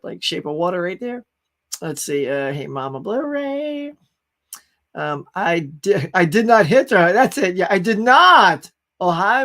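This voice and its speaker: Greeting chat viewers as he goes, a high-voiced man runs a laid-back pop culture live stream, gushing and rambling about movies.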